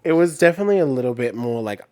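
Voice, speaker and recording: A woman co-hosting a podcast in relaxed, offhand casual chat. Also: very deep voice, racing, no room sound, clean studio sound. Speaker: podcast co-host.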